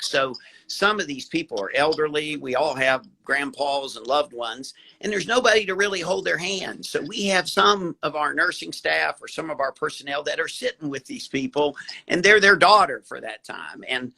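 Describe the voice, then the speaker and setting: A man's voice: a little high, animated, moderate pace, gravelly, rough recording. A man who works as a hospital doctor, talking casually on a live video call, folksy and affectionate. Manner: warm, folksy, calls the host baby.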